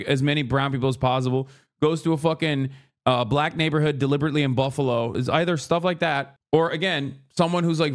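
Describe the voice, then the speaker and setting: A man streaming heated reaction commentary, profane and sarcastic, often mocking others in high put-on voices. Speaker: livestream commentator.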